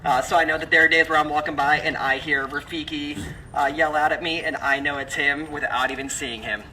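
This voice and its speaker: A man presenting at the zoo in a live talk, energetic and jokey. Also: fairly high pitch, fairly quick, recorded from a distance, a little hiss or hum, rough recording.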